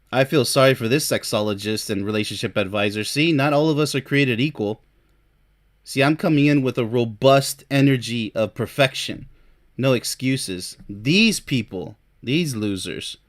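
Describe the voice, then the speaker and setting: A man giving opinionated, scornful commentary while reviewing a relationship article, often mocking the quoted views. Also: a little high.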